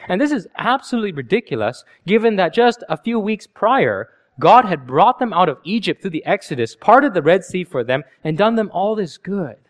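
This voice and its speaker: Male preacher, fairly high voice, lively delivery, rhetorical sermon style. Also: normal speed, hardly any pauses. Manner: animated, storytelling with rhetorical questions.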